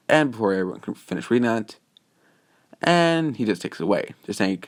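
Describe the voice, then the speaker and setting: Man, casual fan story narration, rambling, lowish voice, dry close sound. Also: expressive, moderate pace, no echo. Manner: rambling, full of restarts and "just saying".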